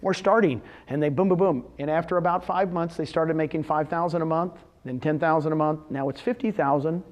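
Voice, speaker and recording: A man's voice: on the high side, highs cut off. A man giving a live seminar talk to real estate agents, telling success stories and firing questions at the audience. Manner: animated, storytelling with quick questions to the audience. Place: meeting room with a live audience.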